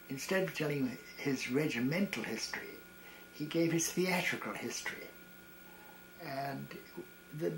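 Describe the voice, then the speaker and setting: A man in his eighties, a retired variety performer, reminiscing about wartime in a halting way, with frequent restarts and chuckles. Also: fairly high pitch, a little hiss or hum, rough recording. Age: 80s. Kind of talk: reminiscing storytelling.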